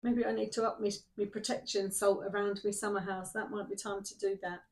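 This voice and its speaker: A woman's voice: mid-range voice, level tone, brisk. Chatty woman reading cards. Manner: chatty, rambling, talks to herself while shuffling cards. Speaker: tarot card reader. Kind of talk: casual oracle card reading. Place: summer house.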